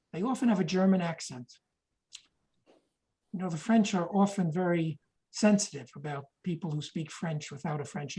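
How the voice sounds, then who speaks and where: A woman's voice: lowish voice, darkish tone, poor audio. A woman giving a history lecture, explaining points and reading quotations aloud, sometimes correcting herself mid-sentence.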